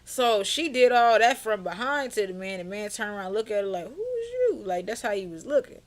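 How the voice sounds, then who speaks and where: A young woman recounting a night out for her vlog audience, full of attitude and animated asides. Her voice sits in a middle range, and she leans hard into the drama of her own story. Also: mid-range voice, fairly quick. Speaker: vlogger.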